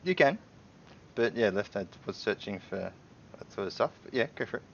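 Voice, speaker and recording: A man's voice: on the low side, expressive, a little fast, gravelly, slight background noise. A man narrating a tabletop game as game master, in a loose, casual way, on a dull lo-fi stream recording.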